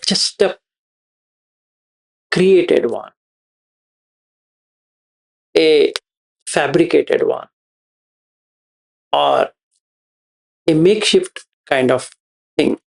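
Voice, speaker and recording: A man, explaining a meditation teaching to students in a slow, repeating, questioning way. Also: on the high side, vocal fry. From India. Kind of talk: dharma talk to students.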